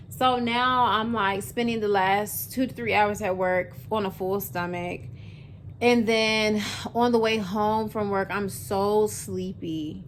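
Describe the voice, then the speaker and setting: A woman's voice: fairly high pitch, slight background noise. A woman in her twenties talking casually to camera as a vlogger, chatty and full of fillers, speaking straight to her viewers. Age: 20s. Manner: chatty, filler-heavy, addresses viewers as y'all.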